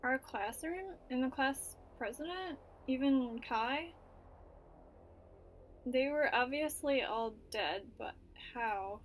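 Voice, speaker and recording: A woman's voice: a little high, a little slow, slight background noise. A woman playing a story game, reading its narration aloud and reacting casually, with filler words and swearing. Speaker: let's play gamer.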